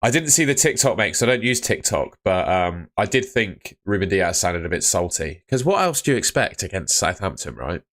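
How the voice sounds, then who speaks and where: A young man with a low-pitched voice talks through a live stream. His tone is relaxed and chatty as he answers viewer comments one after another. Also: moderate pace, hardly any pauses. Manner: chatty, reads out chat comments. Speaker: fantasy football streamer. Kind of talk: casual live stream chat.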